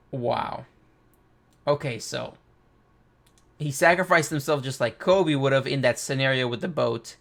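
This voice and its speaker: A man hosting a casual comic reaction, reading panels aloud and thinking out loud with excitement. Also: medium pitch, a little slow, vocal fry, pauses often. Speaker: manga reaction host.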